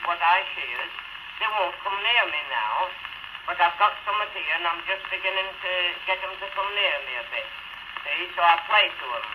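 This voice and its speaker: A man playing a cheerful, simple young Yorkshire shepherd with a northern dialect, chuckling as he talks, in a comic music-hall monologue. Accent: northern English dialect. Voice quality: high chirpy voice, chuckling between lines. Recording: scratchy early 78 rpm record.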